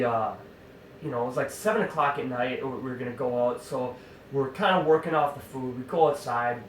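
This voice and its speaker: A man telling an animated, exasperated hunting-camp story in a casual way, full of fillers and asides. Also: medium pitch, a little hiss or hum. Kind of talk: casual spoken anecdote. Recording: roomy sound from a distant mic.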